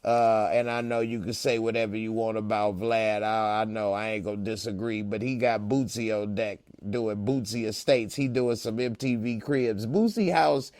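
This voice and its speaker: A man's voice: on the low side, fairly even intonation, normal speed, hardly any pauses, a little mellow, no echo. A man hosting a casual live-stream, joking around and reading out chat comments in a laid-back way. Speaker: podcast host.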